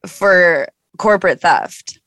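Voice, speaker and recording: A man's voice: high voice, lively intonation, takes it slowly, pushed and bright, no echo. A man guesting on a podcast, telling stories in a giggly, casual way. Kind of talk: casual comedic chat.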